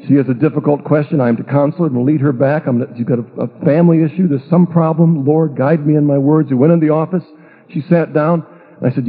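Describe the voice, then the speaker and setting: A man's voice: on the high side, fast, slightly rough. A middle-aged man, a pastor, telling a humorous, self-mocking story from his life. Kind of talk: storytelling testimony talk. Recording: tinny phone-like radio broadcast.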